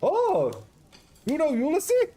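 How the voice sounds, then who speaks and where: A man's voice: very high voice, wildly swooping pitch, slow pace, dark tone, voice pushed up, heavily acted. A man voicing a cheerful middle-aged Greek restaurant owner in a game, with a put-on Greek-Scottish accent and a chatty, exclaiming manner. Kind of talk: reading game dialogue aloud.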